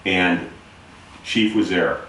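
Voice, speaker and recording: Low-voiced man telling navy anecdotes. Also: steady tone, very slow, fairly bright tone, slight background noise. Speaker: interviewer and navy veteran. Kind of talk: casual storytelling. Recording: very echoey room, distant mic.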